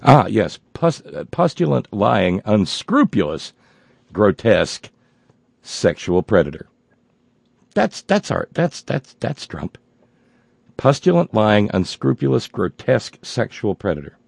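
A man's voice: on the low side, sing-song, measured pace, gravelly, slightly rough, dry recording. A man hosting a political talk show, ranting sarcastically with many stumbling restarts.

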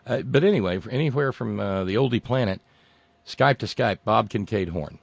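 A man hosting a call-in radio show, rambling and joking with sudden loud outbursts. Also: on the low side, expressive, moderate pace, vocal fry, slightly rough, no room sound. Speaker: radio talk show host. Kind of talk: casual call-in radio banter. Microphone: studio microphone.

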